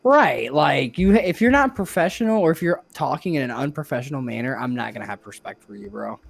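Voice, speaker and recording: Give me a young man co-hosting a casual podcast, telling a rambling, profane story in an excitable way. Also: medium pitch, a little fast, gravelly, no echo. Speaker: podcast co-host.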